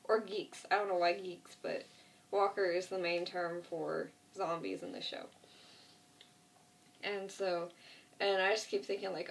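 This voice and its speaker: A woman's voice: on the low side, fairly even intonation, measured pace, gravelly, pauses often, distant mic. A woman vlogger casually retelling a TV episode, rambling with lots of fillers like "like" and "you know". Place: at home, with a cat nearby.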